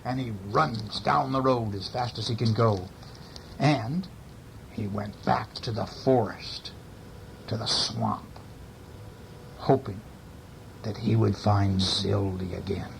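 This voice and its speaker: A man's voice: fairly low pitch, slow, vocal fry, long pauses, slight background noise, rough recording. A man reading a bedtime story to a child, with casual, chatty asides to the listener.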